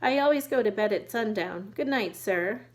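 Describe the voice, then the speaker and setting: A woman voicing a tiny, gentle female songbird who speaks softly and courteously. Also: medium pitch, expressive, moderate pace, lightly acted. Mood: polite. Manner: soft and courteous.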